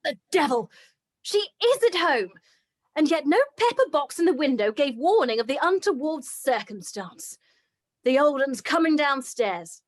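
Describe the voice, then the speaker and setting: A woman's voice: big pitch swings, measured pace. A woman reading the part of a comic, florid soldier suitor in an old-fashioned stage script. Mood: mock-heroic. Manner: mock-grand, old-fashioned lower-class diction. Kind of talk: script read-through.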